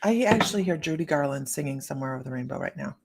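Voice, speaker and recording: A woman's voice: low-pitched, very fast, vocal fry, noisy background. Chatty, laughing woman psychic host. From Ohio, United States. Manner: chatty and animated, laughs often, addresses viewers by name. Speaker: psychic reader and livestream host. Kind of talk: casual livestream chat while reading cards and viewer comments.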